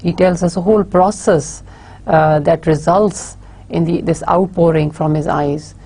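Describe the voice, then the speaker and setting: Slow, husky woman lecturing. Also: fairly low pitch, steady tone, dark tone. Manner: slow, halting explanation with frequent "uh" fillers and restarts. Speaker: university lecturer. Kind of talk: recorded lecture.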